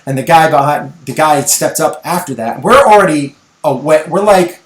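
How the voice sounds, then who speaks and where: Middle-aged guy on a podcast telling a story, gets animated, kinda echoey room. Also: fairly high pitch, normal speed. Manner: animated storyteller, acts out voices in anecdotes. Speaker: podcast co-host. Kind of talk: casual chat.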